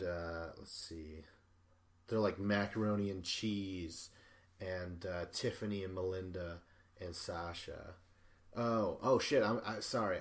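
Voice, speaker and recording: A young man hosting a podcast alone, recapping an episode in a rambling, profane way with self-mocking asides. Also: low-pitched. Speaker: podcast host.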